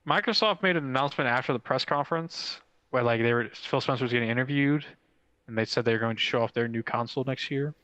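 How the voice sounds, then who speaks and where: A man co-hosting a gaming podcast in casual chat, excitable and rambling with lots of filler words. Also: medium pitch, fast, rough recording. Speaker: podcast co-host.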